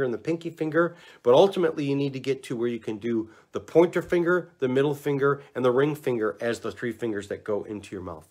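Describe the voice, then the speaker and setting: A man giving relaxed, chatty instructions on neck exercises, talking to the camera and demonstrating as he goes. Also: mid-range voice. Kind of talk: casual instructional talk to camera.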